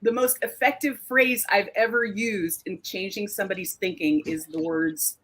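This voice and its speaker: Woman, mid-pitched voice, animated storytelling, casual panel talk. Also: moderate pace. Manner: animated, big upward pitch jumps when telling a story. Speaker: panelist, artist and podcaster.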